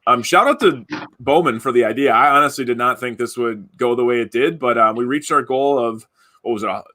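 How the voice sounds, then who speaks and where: A man hosts a casual live stream over a video call. His voice sits at an ordinary pitch. He talks in loose, rambling bursts, restarting sentences often. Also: a little fast, bright, forceful tone. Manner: rambling, many fillers and restarts. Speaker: podcast host running a giveaway.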